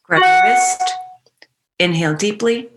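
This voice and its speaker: A woman coaching a guided EFT tapping meditation, giving slow, soothing, repetitive cues. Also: lowish voice, over loud music. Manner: playful bursts of animal noises and laughter.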